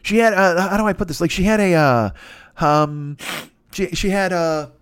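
A man hosting a podcast, telling a crude comedic story in a rambling, profane way and often mimicking other people in high voices. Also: moderate pace, fairly bright tone, clear, resonant tone, dry recording, clean studio sound. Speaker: podcast host.

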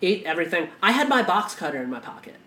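A man's voice: high voice, very animated, fast, sharp tone. A man co-hosting a casual podcast conversation, talking with impassioned, profane intensity and frequent restarts. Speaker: podcast co-host. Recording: echoey room.

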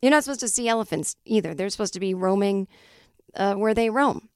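A woman hosting her own podcast in a solo monologue, cranky and animated, swearing freely as she plugs her shows, her voice not fully recovered, on a close studio mic. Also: medium pitch, fairly quick, no room sound. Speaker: podcast host and comedian.

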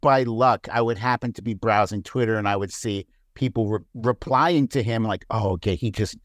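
A man chatting casually as a podcast guest, laughing often and jumping into high mocking voices. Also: moderate pace, fairly bright tone, no echo, studio quality. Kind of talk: casual chat.

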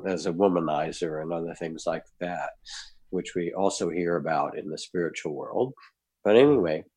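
An older man, a guest, telling a personal anecdote in an animated way and acting out the scenes. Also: low-pitched. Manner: animated storyteller, acts out scenes. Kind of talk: anecdotal storytelling.

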